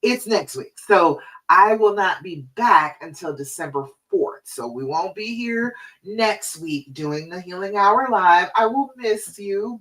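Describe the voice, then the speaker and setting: A woman hosting a live-stream coaching show, encouraging listeners and checking in with "okay?" and "all right?". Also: mid-range voice. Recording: voice a bit far from the mic.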